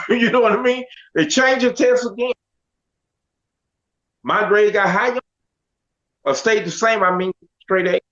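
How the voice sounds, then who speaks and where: High-voiced man telling a lively story. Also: unhurried, pauses often. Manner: acts out the other voices in his story, casual slang. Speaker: guest telling his life story. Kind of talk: animated storytelling. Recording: dull lo-fi sound.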